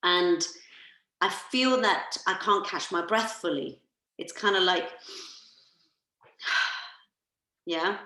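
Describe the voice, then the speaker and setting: A woman massage therapist leading a workshop, calmly coaching listeners through guided breathing on a video call. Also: on the low side, a little slow, roomy sound, low-quality recording.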